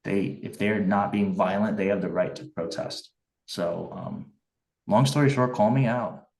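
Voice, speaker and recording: A man's voice: lowish voice, steady tone, unhurried, creaky, darkish tone, echoey room, far from the mic, low-quality recording. A man running for office, answering interview questions earnestly and passionately, with frequent restarts and fillers. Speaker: write-in congressional candidate.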